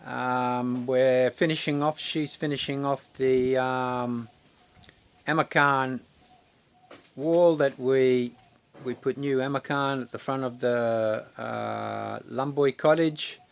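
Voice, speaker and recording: A man with an Australian accent chatting casually outdoors, relaxed and rambling with frequent ums. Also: mid-range voice, slow pace, creaky, clear, resonant tone. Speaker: vlogger. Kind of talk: casual outdoor vlog chat. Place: outdoors under a tree.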